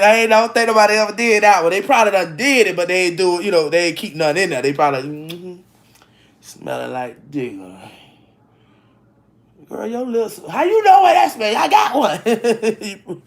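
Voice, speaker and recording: A woman chats casually into her camera at home, spinning frank stories with a lot of laughter. Her delivery is lively and blunt, full of quick restarts, and her pitch sits in a middle register. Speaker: vlogger. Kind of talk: casual storytelling chat. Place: home, indoors.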